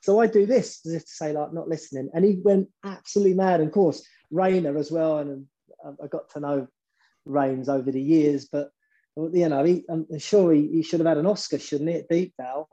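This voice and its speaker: A man with a dark, mellow voice that sits a little high, telling football stories as a guest. He talks in an animated way and often repeats words while he builds up a point. The sound is dull and lo-fi. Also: a little fast. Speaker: former football manager, guest. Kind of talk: storytelling interview.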